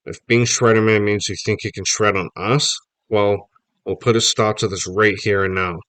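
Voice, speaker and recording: A man's voice: lowish voice, steady tone, normal speed, fairly bright tone, no echo, close to an everyday voice. A man reading aloud voices a boy's mother, scolding her son and then startled by a gecko. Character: stern, flustered mother of a boy.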